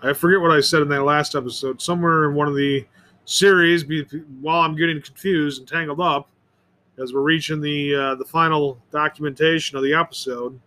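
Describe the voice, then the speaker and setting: A man's voice: fairly high pitch, steady tone, a little fast, pushed and bright. A man rambling through an opinionated solo monologue as host of his own show, often restarting and repeating words. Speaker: podcast host.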